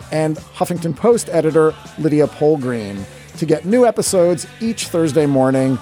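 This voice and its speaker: A man, the podcast host, briskly reading the show's sign-off credits. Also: a little high, a little mellow. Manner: brisk, announcer-like. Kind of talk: show sign-off.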